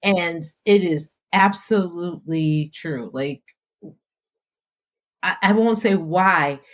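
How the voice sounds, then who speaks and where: A woman hosting a faith podcast, talking in an animated, preacher-like way with plenty of affirmations. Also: fairly low pitch, slow. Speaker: host.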